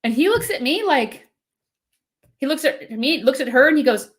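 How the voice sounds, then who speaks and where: A woman hosting a live faith devotional stream with her husband, talking in an animated way and laughing often. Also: a little high, a little fast. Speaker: host. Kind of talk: casual devotional chat. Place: live video stream at home.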